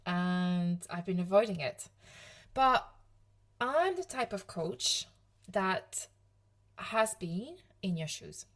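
A French woman in her thirties from Provence talks directly to listeners on her own solo podcast, coming across as an easygoing coach sharing her own story. She's chatty and self-deprecating and laughs a lot. Her voice is medium-pitched and fairly bright, and she speaks with a French accent.

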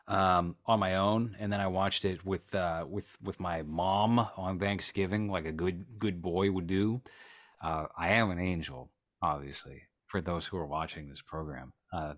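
A man's voice: low voice, fairly bright tone, dry recording, clean studio sound. A man co-hosting a podcast, chatting about films in a rambling, joking way and poking fun at himself. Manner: rambling, joking, self-deprecating. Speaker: podcast co-host. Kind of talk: casual film chat.

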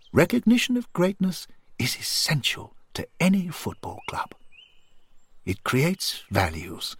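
A man voicing a kindly old male spirit who gently encourages and praises a friend. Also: medium pitch, slightly rough, no echo, pitched above the performer's own voice, full character voice.

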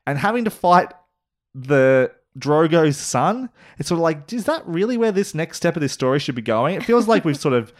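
A man co-hosting a podcast, chatting casually in a rambling, animated way with lots of fillers and restarts. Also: on the high side, normal speed. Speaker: podcast co-host.

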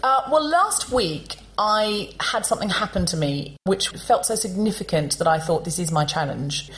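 A woman hosting a comedy podcast on stage, telling a story to a live audience in an animated, chatty way and acting out the people in it. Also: mid-range voice, normal speed.

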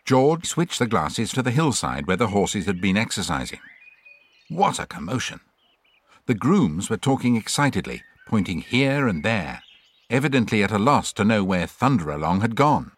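A man narrating a children's adventure story in an expressive way. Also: fairly low pitch, normal speed. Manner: lively, expressive.

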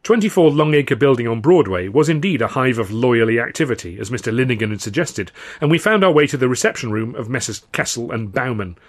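A man's voice: medium pitch, lively intonation, quick pace. Man narrating his own novel. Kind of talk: audiobook narration.

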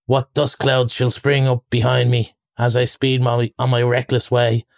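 A man voicing a dazed male toad in a storybook reading, murmuring in a dreamy monotone. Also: medium pitch, measured pace, gravelly, no echo.

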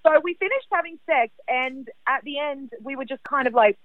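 A fairly high-voiced woman comes through a tinny, narrow phone line as she tells a personal story. She talks in an animated, chatty way, packing her sentences with fillers. The line sounds dry and close, with no room around her. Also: moderate pace, no room sound. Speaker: caller sharing a personal story. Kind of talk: casual storytelling.

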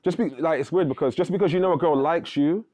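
A man's voice: on the high side, quick pace, warm tone, no echo. A young man, chatting casually in a group and reasoning things through with slang.

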